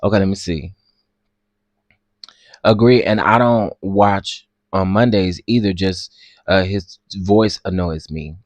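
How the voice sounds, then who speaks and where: A man's voice: low-pitched, takes it slowly, pauses often, dry recording. A man chatting casually as a show commentator, reading comments aloud and restarting his sentences often. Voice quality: chatty, stammering restarts, giggly. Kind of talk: casual chat.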